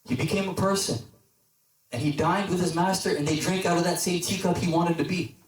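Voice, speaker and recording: A man's voice: steady tone, brisk. A man, a deacon, giving a casual sermon to a youth group, telling a story and often checking in with his listeners. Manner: conversational, checks in with the audience; storytelling, drops low for emphasis. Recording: echoey hall, distant mic.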